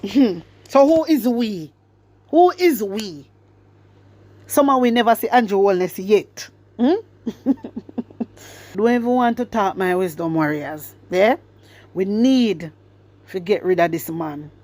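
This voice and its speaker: A woman's voice: medium pitch, lively intonation, measured pace, dark tone. A woman with a Jamaican accent giving fiery political commentary, slipping between Patois and English and throwing in repeated rhetorical questions. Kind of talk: opinionated commentary vlog.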